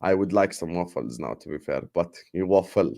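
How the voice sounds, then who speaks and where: A young man hosting a casual football debate livestream, animated and full of banter and fillers, while fasting. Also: deep voice, gravelly. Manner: animated, banter-heavy, lots of filler phrases. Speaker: football podcast host.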